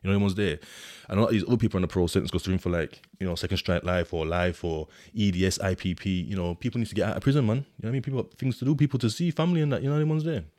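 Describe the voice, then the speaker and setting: A deep-voiced man, rambling casually in street slang with plenty of fillers. His voice sits low. The recording is dry and close, with no room sound. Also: racing, a little mellow, no room sound. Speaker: podcast host telling his prison experiences. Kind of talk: casual monologue, reading out a report.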